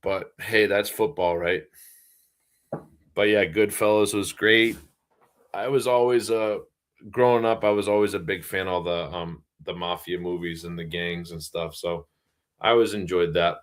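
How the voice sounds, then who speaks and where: A man's voice: low voice, steady tone, moderate pace. A middle-aged man, co-hosting a livestream in casual, rambling chat full of fillers. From Boston area, US. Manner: easygoing, rambling, many fillers. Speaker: livestream co-host.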